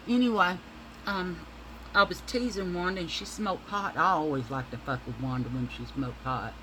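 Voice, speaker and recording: A woman's voice: on the low side, moderate pace, background noise. A middle-aged woman vlogger telling a rambling, profane story in a casual way while she applies makeup.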